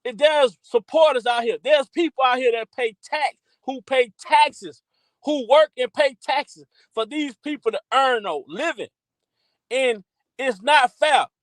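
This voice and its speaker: A man hosting a livestream, hyping up his chat with loud, repetitive shout-outs. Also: very high voice, a little slow, dry recording, rough recording. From Texas by way of Louisiana. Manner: hyped, repetitive, calls out to chat. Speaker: livestream host.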